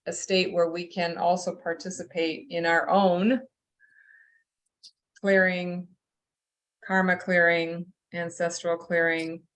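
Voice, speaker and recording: A woman with a lowish voice hosts a casual group call. Her manner is relaxed and chatty. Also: slow pace, pauses often.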